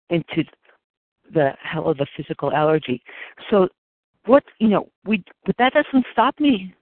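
A woman sharing her story at a recovery meeting, earnest and halting, often repeating her phrases. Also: low voice, no echo. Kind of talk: personal share at a recovery phone meeting. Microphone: phone line. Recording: tinny phone line.

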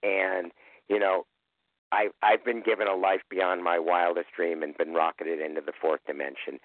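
A man's voice: sits low, no room sound. A man giving an emotional, candid personal share on a recovery meeting call. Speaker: meeting member sharing. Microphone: phone call. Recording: tinny phone line.

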